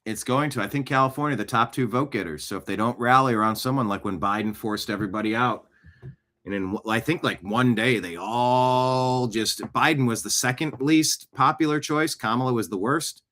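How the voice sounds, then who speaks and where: A man's voice: mid-range voice, normal speed, a bit bright. A man hosting a talk show, giving scornful, emphatic opinions on the news. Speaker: show host.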